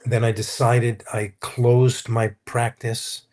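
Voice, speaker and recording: A man's voice: medium pitch, level tone, takes it slowly, a little mellow. A man, a Christian counselor, earnestly telling his personal testimony in a conversational interview. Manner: earnest, anecdotal, quotes others as he tells the story.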